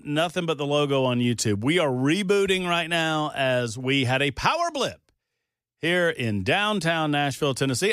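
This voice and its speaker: A male talk radio host bantering in a rambling, animated way. His voice sits a little high and swings widely in pitch. It is recorded close and dry in a studio. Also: no echo. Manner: chatty, rambling, animated retelling. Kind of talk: casual on-air banter.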